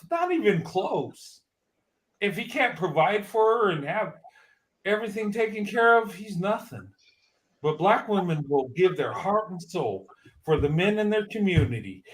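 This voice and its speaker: A man's voice: sits high, very animated, unhurried. A man in his fifties giving an emotional, emphatic personal testimony, often repeating himself. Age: 50s.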